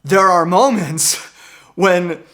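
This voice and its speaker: A man in a casual, exasperated movie rant, swinging from mumbling asides to near-shouting, with many fillers and restarts. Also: high-pitched, takes it slowly. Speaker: video commentator.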